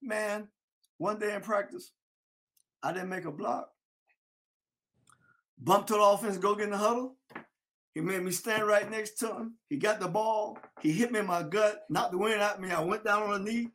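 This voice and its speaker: A man telling a lively story about his youth football days, acting out his old coach. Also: high-pitched, moderate pace, pauses often. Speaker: former football player. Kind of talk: storytelling interview.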